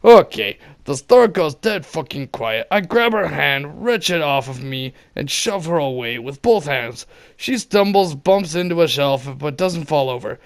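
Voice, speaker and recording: Gravelly man reading a story. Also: a little high, lively intonation, measured pace. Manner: shifts from wry asides to shouted re-enactments. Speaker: reader of online stories. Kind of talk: reading a story aloud with commentary.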